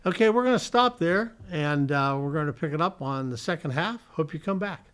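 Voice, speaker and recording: A man's voice: fairly high pitch, lively intonation, a little fast, a bit bright, clear, resonant tone. A man hosting a community television show, reading fun facts from slides in a studio, now and then stumbling over words and correcting himself. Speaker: host.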